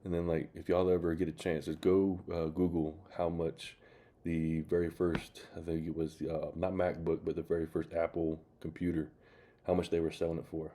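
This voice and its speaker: A man's voice: low-pitched, monotone, moderate pace, warm tone. A man hosting his channel, rambling in casual commentary with many fillers. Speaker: channel host reacting to clips.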